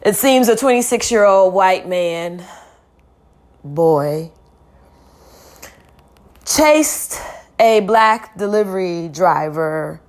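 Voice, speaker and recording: A weary woman speaking a slow, deliberate, heavy lament in a spoken-word style. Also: on the low side, a little mellow.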